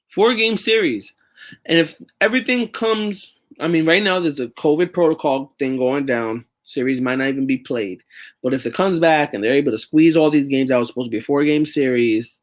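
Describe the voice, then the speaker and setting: Here the casual sports show host has a fairly high voice and moves at a moderate pace, sounding expressive. His manner stays loose and profane as he wanders through his thoughts with frequent restarts, cursing without restraint.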